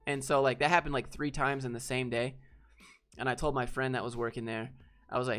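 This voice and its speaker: A young man hosting a live stream, telling rambling, animated anecdotes full of fillers. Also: mid-range voice, brisk, soft background music. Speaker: channel host. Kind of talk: casual storytelling on a live stream.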